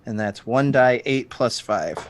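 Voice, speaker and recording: A man's voice: medium pitch, expressive, a little slow. A man playing a tabletop game, hesitant and full of fillers. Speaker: player.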